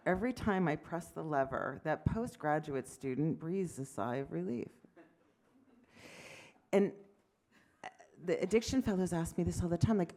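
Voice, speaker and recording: Woman, 50s, physician lecturer, fry-edged voice, lively storyteller. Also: low-pitched. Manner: animated storytelling, acts out dialogue, self-deprecating asides. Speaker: physician giving an award lecture. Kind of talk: lecture to medical audience.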